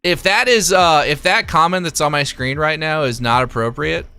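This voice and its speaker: A man's voice: fairly high pitch, moderate pace, gravelly, pushed and bright, clean tone. A man hosting a casual livestream, reading out viewer comments and chatting loosely with his chat, swearing now and then. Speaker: livestream host.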